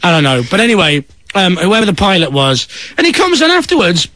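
A man's voice: sits high, fairly quick, dry recording. A man, a radio presenter, telling a comic story and acting out the other voices. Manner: animated, acts out voices of others.

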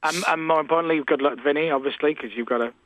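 A man bantering on the radio, brash and mocking, firing off quick jokes. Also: on the high side, a bit bright, no room sound, rough recording. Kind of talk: teasing banter.

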